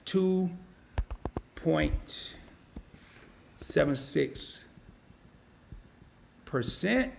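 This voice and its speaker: Folksy man with a gravelly voice. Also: on the high side. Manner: casual and folksy, talks to viewers as y'all; thinks aloud while clicking, self-correcting. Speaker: investing channel host. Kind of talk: live-stream screen-share tutorial.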